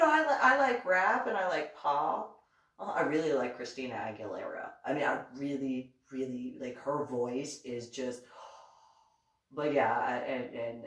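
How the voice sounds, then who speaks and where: Heard through a distant mic in a reverberant space, a woman with an extremely low voice reads from her diving memoir and comments on it. She's a reverend, and she tells a casual, animated story, playing both sides of the conversation, laughing often and restarting many times.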